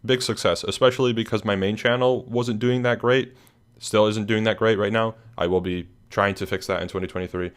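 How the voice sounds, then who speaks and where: A man's voice: lowish voice, steady tone, brisk, clear, resonant tone. A young man hosting a casual recap of his channel, tired and yawning, rambling with lots of fillers and restarts. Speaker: channel host. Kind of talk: casual screen-share recap.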